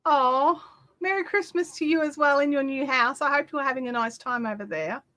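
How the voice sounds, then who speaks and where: Bright, high-voiced woman chatting. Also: fairly quick. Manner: chatty and animated, many fillers and asides. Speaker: craft livestream host. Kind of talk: casual live-stream chat reading viewer comments.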